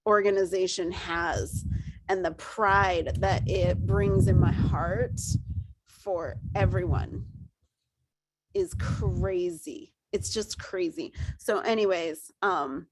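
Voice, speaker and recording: A woman leader speaks with passion to her team, urging them on. Her voice sits low, and faint noise hums behind her. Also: steady tone, slow. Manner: passionate, encouraging. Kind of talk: motivational talk to a team.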